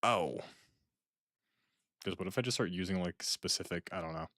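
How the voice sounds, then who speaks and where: A man's voice: sits low, moderate pace, a bit bright, no echo, studio quality. A young man streaming from home who rambles casually and jokes while reacting to videos, often trailing off mid-thought.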